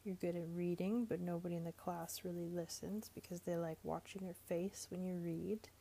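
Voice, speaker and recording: A brash young man who lectures people on class and speaks his mind without tact, as a woman reads him. The voice is low-toned, dark and husky with gravelly fry. It stays level and flat in pitch, like an audiobook reading. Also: normal speed, slight background noise. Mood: cocky. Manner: brash and accusing, then earnest. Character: blunt, excitable young working-class man.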